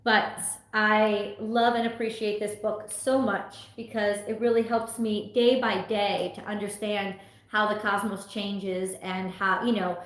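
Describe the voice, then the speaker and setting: A woman's voice: mid-range voice, little pitch movement, a little slow, few pauses. A young woman, a tarot reader, talking casually from home on a livestream and venting her frustration with some swearing. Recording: echoey room.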